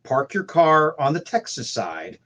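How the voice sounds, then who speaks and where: A man's voice: a little high, very animated, measured pace, bright, forceful tone. A man on a video call, telling rambling anecdotes about his band days in casual chat, full of restarts and fillers. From St. Louis. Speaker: guest musician.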